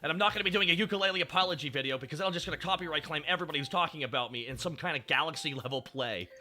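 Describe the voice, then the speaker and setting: A young Canadian man streaming casual chat, animated, swearing freely and laughing often. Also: on the high side, racing.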